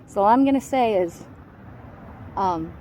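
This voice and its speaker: A woman's voice: medium pitch, expressive, unhurried, dark tone, slight background noise, low-quality recording. A woman giving a raw, personal account of surviving an attack, in a blunt and heavily profane way. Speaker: survivor telling her story.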